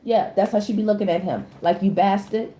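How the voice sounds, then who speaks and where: An emphatic woman, talking through a casual celebrity tarot read in a warm, mellow voice. She keeps checking in with her viewers as she goes. The room sounds echoey, with a faint hiss of noise underneath. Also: medium pitch, fast. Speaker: tarot reader.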